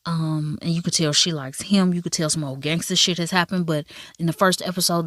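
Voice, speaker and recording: A woman giving a casual, profane and animated recap of a drama, with asides in a high voice. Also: dry recording, studio quality. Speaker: drama reviewer.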